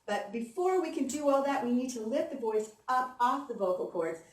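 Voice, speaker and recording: A woman voice coach giving an animated, encouraging conference workshop and leading the audience through exercises. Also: sits high, moderate pace. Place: conference hall. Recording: echoey hall, mic from a distance.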